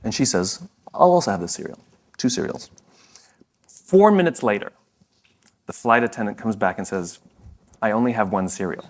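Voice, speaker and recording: A man giving a motivational talk on stage, telling a story with sweeping pitch swings and self-deprecating humor that he often laughs at. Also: animated, moderate pace, long pauses. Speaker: speaker.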